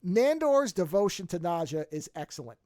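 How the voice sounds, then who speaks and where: A man's voice: sits high, very animated, normal speed, mellow, dry recording, clean studio sound. A man hosting a podcast, chatting casually about a TV show in a rambling, self-correcting way. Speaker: podcast host.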